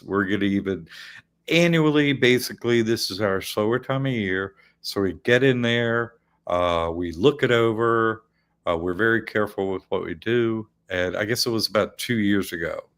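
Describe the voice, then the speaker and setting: This is a male host with a low voice, talking casually to his audience. He rambles and often restarts his sentences, with frequent light laughs. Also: fairly bright tone, clear, resonant tone. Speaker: host of an online academy show. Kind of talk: casual chat.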